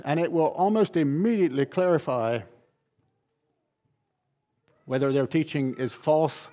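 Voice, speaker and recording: A man's voice: on the high side, brisk, mellow. A man pastor delivering a sermon, driving points home with emphatic, repeated phrases. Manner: emphatic, repetitive preaching cadence.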